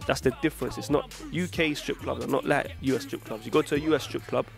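A man's voice: medium pitch, fairly even intonation, quick pace, vocal fry, over music. A young man from England, a rapper chatting casually in an interview, full of street slang and "you know what I'm saying". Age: young adult.

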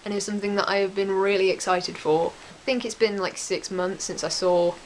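A young woman with a West Country English accent, chatting excitedly and gushing in repeats as an anime vlogger. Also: mid-range voice, fairly quick, slight background noise, poor audio. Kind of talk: casual chat.

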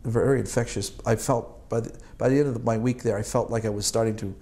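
A man's voice: mid-range voice, fairly even intonation, fast, warm tone. A man in his sixties from Boston, an Army veteran recalling his service in an oral history interview, rambling and chuckling with many fillers and restarts. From Boston, United States.

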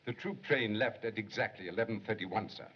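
A deferential husky servant. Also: male voice, lowish voice, brisk. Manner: careful, dutiful recounting. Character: anxious, deferential male household servant. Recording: dull lo-fi 1930s film soundtrack.

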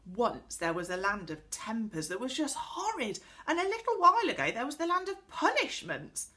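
A confident young boy who enjoys his friend's surprise, as a woman reads him. He sounds knowing and teasing, with a lively, bright voice. This is a storybook voice. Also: a little high, normal speed, voice pushed up.

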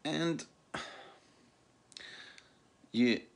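A man's voice: a little high, very slow, vocal fry. A middle-aged man talking casually to camera as a family vlogger, joking one moment and earnest the next. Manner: joking, turning earnest and reflective. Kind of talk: casual vlog chat.

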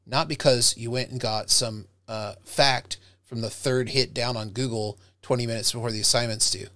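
A middle-aged professor lecturing his students on public speaking, lively and direct, sometimes acting out the flat or heartfelt tones he wants them to avoid or use. His voice is bright and forceful, close to the mic in a dry room with no echo. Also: mid-range voice, moderate pace.

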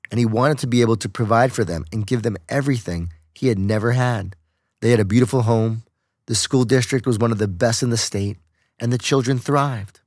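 In studio quality with no echo, a medium-pitched man reads an audiobook at a steady, measured pace.

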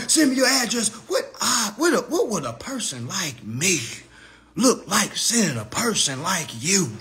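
Taunting, animated man in his thirties. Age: 30s. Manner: mocking, taunting, profane; swings between loud jeers and low mutters. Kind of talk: roast monologue to camera.

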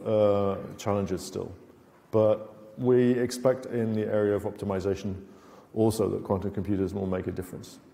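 A man's voice: fairly low pitch, creaky, dark tone. A middle-aged British man giving a technical conference lecture in a university lecture theatre, with dry sarcastic asides and many fillers. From Britain. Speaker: conference speaker. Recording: reverberant lecture hall.

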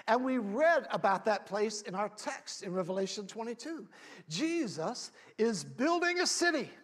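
A man preaching a sermon as pastor, rising to loud shouts and then dropping back to quiet, plain talk. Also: high voice, sing-song, moderate pace. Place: church.

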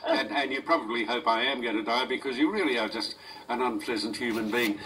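A man's voice: mid-range voice, quick pace, sharp tone. Indignant elderly male radio host. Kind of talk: talk radio. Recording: distant radio recording with faint noise.

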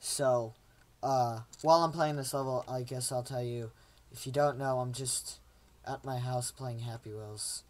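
Playing a game at home, a young man offers casual commentary, cracking jokes and putting on silly character voices. He talks in a medium-pitched, steady, unhurried voice.

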